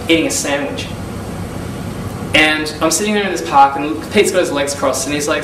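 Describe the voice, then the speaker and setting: A man's voice: on the high side, moderate pace. A young man telling a casual testimonial story, acting out the calls and conversations he describes. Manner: animated storyteller, acts out phone calls and quotes. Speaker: business consultant giving a testimonial. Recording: echoey room, mic a bit far, audible noise.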